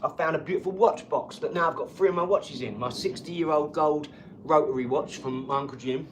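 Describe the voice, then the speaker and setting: A man hosting a casual live stream from his home garage, talking in an energetic, rambling, chatty way. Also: fairly high pitch, brisk, a little hiss or hum. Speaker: livestream host.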